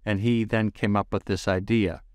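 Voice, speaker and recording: A man hosting a podcast interview, enthusiastic and halting, with many fillers and restarts. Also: lowish voice, level tone, a little mellow, dry recording. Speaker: podcast host.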